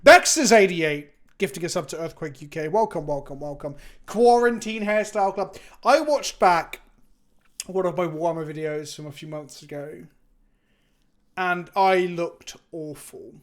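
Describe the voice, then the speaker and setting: A high-voiced English man chats to viewers on a live stream at a moderate pace. He's tired and sluggish, rambling on and running himself down.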